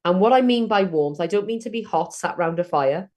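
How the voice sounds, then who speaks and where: A woman's voice: lowish voice, expressive, brisk, a little mellow. A middle-aged woman from South Wales, telling networking stories in a chatty way during an online training session. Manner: chatty storytelling.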